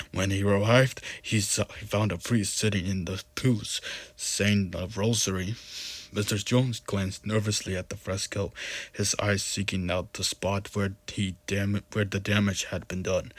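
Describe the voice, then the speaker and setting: A man's voice: lowish voice, steady tone, unhurried, no room sound. A man reading a horror story aloud with casual asides, often restarting and correcting himself. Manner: frequent restarts and self-corrections. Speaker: scary story narrator.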